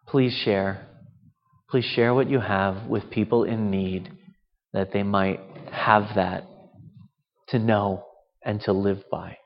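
Male pastor, conversational sermon, rhetorical questions; dull, reverberant church sound. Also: medium pitch. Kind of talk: sermon at communion.

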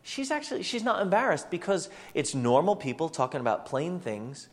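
A man preaching a sermon as pastor, animated and acting out the voices of the people he quotes. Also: on the high side, normal speed. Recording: long hall reverb.

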